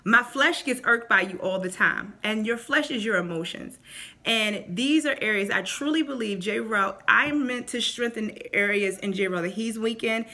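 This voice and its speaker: A woman vlogging casual faith advice to camera, animated and acting out quotes in voices. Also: on the high side.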